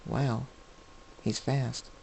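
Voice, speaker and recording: A man reading a story aloud, voicing a stunned, frightened teenage girl who speaks softly and dazed. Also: mid-range voice, fairly even intonation, drawn-out words, creaky, slightly rough, heavily acted, low-quality recording.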